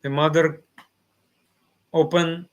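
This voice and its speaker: A man's voice: fairly high pitch, flat delivery, slow, clean tone. A man giving a devotional class in simple, non-native phrasing, often acting out the replies of his listeners. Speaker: spiritual teacher.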